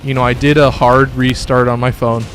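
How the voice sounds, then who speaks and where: A young man live-streams a game from his bedroom, talking casually to viewers between excited, profane outbursts at the enemies he fights. His voice sits at an ordinary middle pitch. A faint hiss runs under the phone recording. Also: normal speed. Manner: excitable, swears at enemies, chatty asides to viewers. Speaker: gaming streamer. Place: home bedroom.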